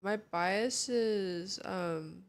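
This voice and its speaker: A woman's voice: medium pitch, very slow. A young woman streaming from home, chatting casually with her viewers in a sleepy morning voice and greeting them one by one. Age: young adult. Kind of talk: casual chat.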